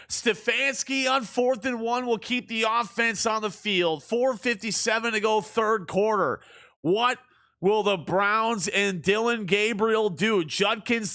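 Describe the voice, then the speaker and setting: A young man streaming a football video game, calling the plays like a sports commentator and shouting on big plays. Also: sits high. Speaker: streamer doing play-by-play.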